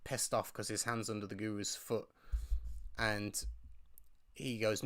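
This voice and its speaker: A man's voice: fairly low pitch, little pitch movement, moderate pace, sharp tone. A man hosting a live question-and-answer stream, telling stories in a casual, rambling way with frequent restarts. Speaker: host.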